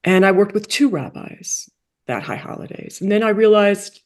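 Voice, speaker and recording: A woman being interviewed, telling a story in a lively way that acts out quoted dialogue with big jumps in pitch and drops into soft, quiet asides. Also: normal speed. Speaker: guest, coach for rabbis and playwright.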